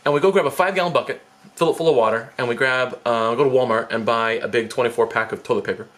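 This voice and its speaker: A man's voice: mid-range voice, quick pace, a bit bright. A man, a former teacher, telling a story to camera in a chatty, self-deprecating, rambling way.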